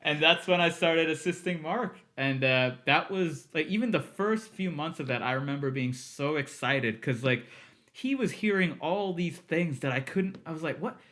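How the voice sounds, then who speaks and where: A man's voice: on the high side, normal speed. A man in his thirties, a guest on a podcast, telling stories casually with frequent laughs and acted-out quotes. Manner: animated storyteller, laughs often, acts out quotes. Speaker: podcast guest, music producer. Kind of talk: casual interview storytelling.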